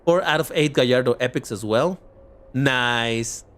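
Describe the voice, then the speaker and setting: A man's voice: medium pitch, a little slow, a bit bright. A man giving chatty, opinionated live commentary while racing in a mobile game. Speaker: livestreamer.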